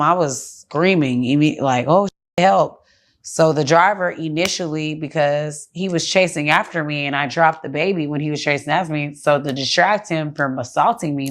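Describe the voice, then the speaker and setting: Sitting on a studio couch for a casual interview, a woman guest speaks bluntly and heatedly, cursing a lot. Her voice sits low.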